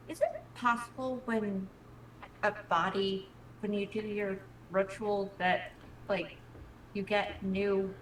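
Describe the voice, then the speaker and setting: Woman player, slow and unsure, a bit far off the mic with faint noise. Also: mid-range voice, a bit bright. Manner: hesitant, with many fillers. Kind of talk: casual tabletop play.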